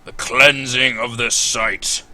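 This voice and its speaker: A man voicing a glowing, steel-armored champion construct, speaking in a flat, deadpan robotic way. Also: medium pitch, takes it slowly, pitched above the performer's own voice.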